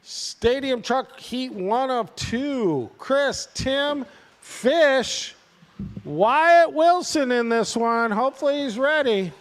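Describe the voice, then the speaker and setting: A man calls a live radio-control car race in a high voice. He talks at an easy, unhurried pace, chatting casually with the drivers and calling out their positions. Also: expressive, big-room sound. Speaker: race announcer.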